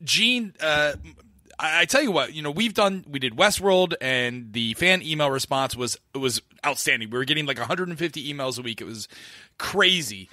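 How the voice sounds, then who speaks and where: A man's voice: fairly high pitch, expressive, normal speed, pushed and bright, no echo. A man from Florida co-hosting a podcast, chatting loosely with lots of fillers and restarts. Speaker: podcast co-host. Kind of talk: casual podcast chat.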